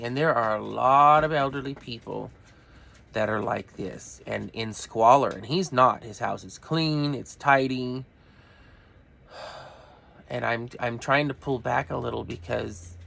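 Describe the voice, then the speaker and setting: A man's voice: medium pitch, creaky, fairly bright tone. A middle-aged man ranting to camera in a blunt, profane way that keeps drifting off topic. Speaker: vlogger. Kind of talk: rambling rant to camera.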